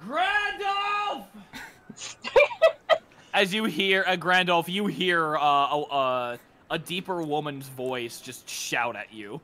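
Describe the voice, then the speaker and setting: A man's voice: a little high, takes it slowly, pauses often, noisy background. A man narrating a tabletop game as game master, talking casually and breaking off to laugh and try out character voices.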